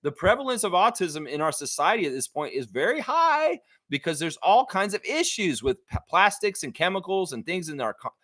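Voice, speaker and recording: A man from Canada hosts a live sports stream and talks bluntly, ranting and reading the chat aloud. His pitch sits a little high and swings widely, with a bright, forceful tone. The sound is close and dry. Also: sing-song, normal speed, hardly any pauses, dry recording. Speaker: livestream host.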